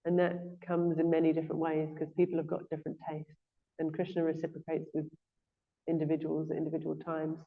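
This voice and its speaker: A woman, appearing as a guest speaker, leads a relaxed, informal scripture class in a temple classroom. She hesitates a lot, filling pauses with soft "um" and "yeah" while she gathers her thoughts, and her pitch stays fairly flat and even. The recording sounds thin, almost like a phone line.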